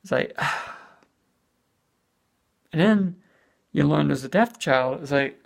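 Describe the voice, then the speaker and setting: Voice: medium pitch, expressive, slow, creaky. A speaker giving a casual spoken movie review as an exasperated rant, full of "you know" and swearing.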